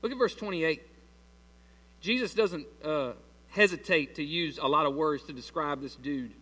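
A high, bright-toned man in his thirties delivers a sermon to his congregation, talking to them in a loose, chatty way. His voice carries a long reverb from the church hall, with a low mains hum under it. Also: normal speed, slightly rough. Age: 30s. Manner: conversational preaching with loose grammar, addresses congregation as y'all. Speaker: pastor.

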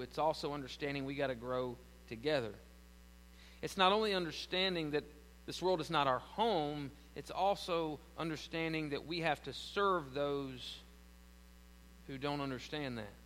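A man's voice: on the high side, moderate pace, fairly bright tone, in a large hall, slight background noise, rough recording. A man with a Southern American accent preaching a sermon as pastor, building to emphatic lines and then telling stories with frequent restarts.

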